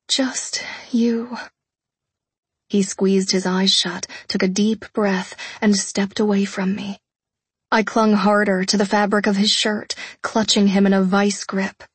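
A young woman narrating a first-person romance audiobook in a soft, hushed, intimate voice, often close to a whisper. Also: medium pitch, slightly rough, dry recording.

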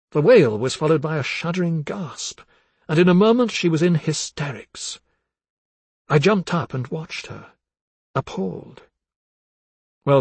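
A man's voice: a little high, breathy edge, no echo. Man narrating a dramatic audiobook. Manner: intense, dramatic, varied delivery.

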